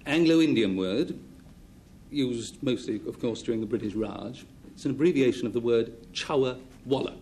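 A man with a dark, gravelly voice lays out a made-up word origin, measured and mock-serious. Faint hiss runs under the old recording. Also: medium pitch. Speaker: panelist. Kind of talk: mock-learned explanation.

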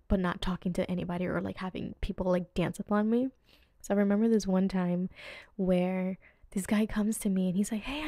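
A young woman in her twenties hosts a podcast and tells loose, chatty stories, full of fillers, mimicking quotes with sudden high jumps in her voice. Her tone is mellow and warm, recorded close and dry with no room sound. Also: no echo. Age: 20s. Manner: chatty, rambling, lots of fillers, acts out quotes with pitch jumps. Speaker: podcast host. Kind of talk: casual storytelling monologue.

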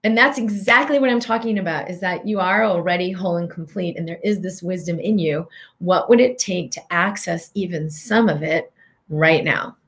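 Host: middle-aged woman, lowish voice, earnest coaching tone for a healing talk. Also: moderate pace. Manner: earnest, coaching, guides breathing questions. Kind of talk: motivational talk to viewers.

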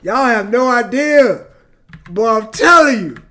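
A man reacting to music on his channel, excitable and emotional, shouting and exclaiming and talking straight to his viewers. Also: very high-pitched, unhurried. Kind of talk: casual reaction commentary.

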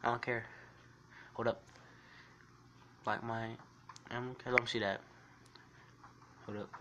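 A man livestreaming a shooter game, rambling and swearing as he reads and answers his chat in a jokey, excitable way. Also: mid-range voice, slow, noisy background. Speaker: game streamer. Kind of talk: casual livestream commentary reading chat. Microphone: phone mic while gaming.

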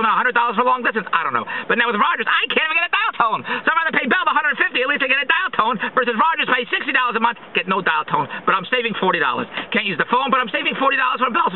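A man vlogging a sarcastic, exasperated rant as he complains at length. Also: very high-pitched. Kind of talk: ranting monologue. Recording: tinny phone-like recording, faint noise.

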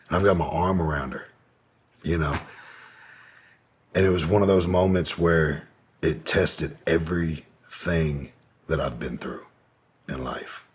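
Very deep, husky-voiced man. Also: a little slow, pauses often. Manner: candid, profane, many fillers. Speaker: guest. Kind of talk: casual storytelling.

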